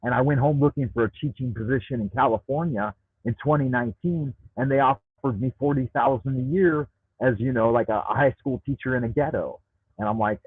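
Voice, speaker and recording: A man's voice: mid-range voice, fairly quick, husky, dry recording. A man hosting a livestream, ranting profanely and rambling, repeating words when worked up, talking into a Bluetooth headset. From United States. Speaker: livestream host reading chat. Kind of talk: ranting live chat. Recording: tinny dry Bluetooth audio.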